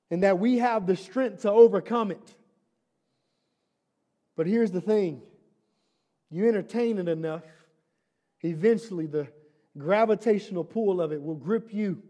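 A man's voice: high voice, warm tone. A man preaching a sermon as pastor, conversational and humorous, asking the congregation questions and building to emphatic repeated lines.

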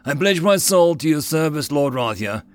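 A man's voice: fairly high pitch, animated, normal speed, dry recording, studio quality, pitched above the performer's own voice, lightly acted. A man voicing a humble, grateful male orc who speaks in a trembling, pleading way in an audiobook.

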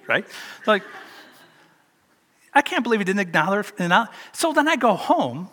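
A man's voice: high-pitched, sing-song, normal speed, long pauses, a bit bright, long reverb tail. An older man preaching a sermon, telling a personal story in a chatty, self-deprecating way. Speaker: pastor.

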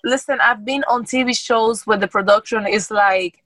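Blunt, profane woman talking fast. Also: a little high, a bit bright, no echo, rough recording. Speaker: guest, adult film performer. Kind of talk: casual podcast chat.

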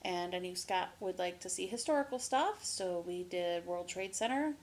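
A woman's voice: fairly low pitch, lively intonation, moderate pace. A woman co-hosting a podcast in casual chat, talkative, laughing often and swearing freely. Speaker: podcast co-host.

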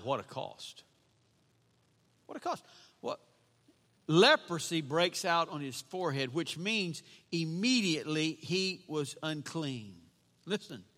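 A pastor preaches in a very high, lively voice that rises and falls. He drives his points home by repeating lines and firing questions at the congregation. The sound is piercingly bright, carried on the long reverb of a church hall. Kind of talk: sermon.

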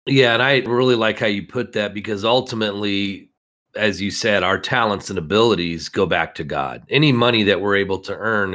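A man's voice: fairly low pitch, a bit bright. A man hosting a Bible discussion, reading verses aloud and explaining them earnestly.

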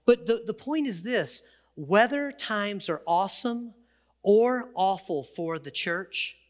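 A male pastor preaching a sermon, telling the story with lively energy and acting out the quotes. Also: high-pitched, takes it slowly. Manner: animated storytelling, acts out quotes.

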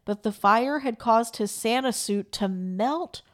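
A woman's voice: on the high side, slow pace. A woman co-hosting a true crime podcast, telling stories in casual chat with dry teasing. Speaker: podcast co-host.

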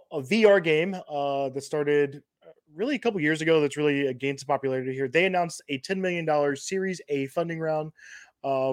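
A man's voice: a little high, no echo, clean studio sound. A man hosting a podcast, chatting casually about sports and reading out funding news, often repeating himself. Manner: hesitant, repeats himself, reads lists of funding rounds. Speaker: podcast host.

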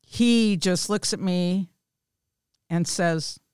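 Smooth-voiced woman telling her story. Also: on the low side, very slow, darkish tone, no room sound, clean studio sound. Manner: candid, self-deprecating storyteller. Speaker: small group leader, guest. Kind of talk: personal testimony in casual chat.

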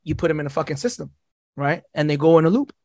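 High-voiced, swearing man talking fast. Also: dry recording, clean studio sound. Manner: profane, rambling, animated storytelling. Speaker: podcast guest. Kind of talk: casual podcast conversation.

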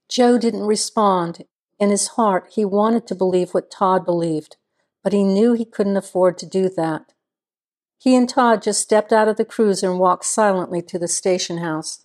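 A woman's voice: mid-range voice, normal speed, darkish tone. Woman narrating a crime novel. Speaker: audiobook narrator. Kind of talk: scripted narration.

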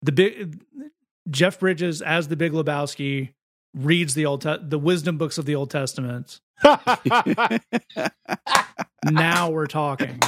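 Wry, chatty man with a higher voice. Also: fairly bright tone. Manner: chatty, wry, repeats words as he starts sentences. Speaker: podcast co-host. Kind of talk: casual chat.

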